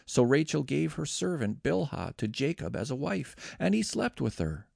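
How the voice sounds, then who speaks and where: A man reading scripture aloud, measured and expressive. His voice is gravelly with a lively rise and fall. The recording is close and dry. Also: fairly high pitch, dry recording. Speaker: scripture reader.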